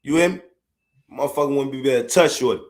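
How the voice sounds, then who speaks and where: A man's voice: medium pitch, quick pace, darkish tone. A middle-aged man from Chicago with a Chicago accent, ranting bluntly and profanely on his podcast. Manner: profane, blunt, heated, repetitive. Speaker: podcast host. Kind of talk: unfiltered rant. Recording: echoey room.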